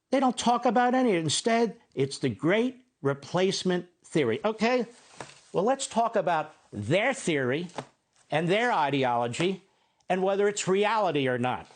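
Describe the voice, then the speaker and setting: Older guy ranting on a tv opinion show, voice swinging all over, fairly high. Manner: emphatic, rhetorical questions. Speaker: TV host. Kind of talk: opinion monologue.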